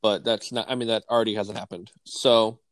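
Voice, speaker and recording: A man from the Midwest co-hosting a podcast in casual chat, relaxed and rambling with lots of "like". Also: on the low side, brisk, no echo. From American Midwest. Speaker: podcast co-host.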